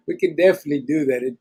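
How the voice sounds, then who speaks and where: A man's voice: a little high, darkish tone, slightly rough. A man hosting a live podcast in casual chat, plainspoken and slangy, mixing in Spanish words while he reads viewer comments. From Arizona. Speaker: podcast host.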